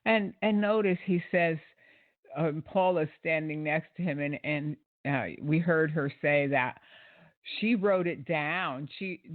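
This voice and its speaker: A man's voice: a little high, no room sound. A man hosting an online show, giving critical commentary in an indignant, sarcastic way with many fillers. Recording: dry, tinny phone-like sound.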